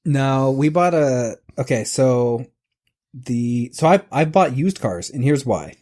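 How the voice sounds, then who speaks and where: A man's voice: mid-range voice, lively intonation, a little mellow. A man in his forties co-hosting a podcast, rambling and ranting with lots of swearing. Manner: rambling, profane ranting, quick restarts. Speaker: podcast co-host. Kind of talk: casual podcast chat.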